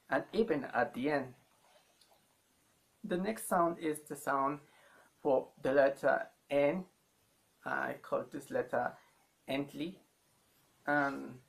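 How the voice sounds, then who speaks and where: Slow, gravelly male language teacher. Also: mid-range voice. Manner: slow, halting, repeats sounds many times for learners. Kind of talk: slow spoken language lesson.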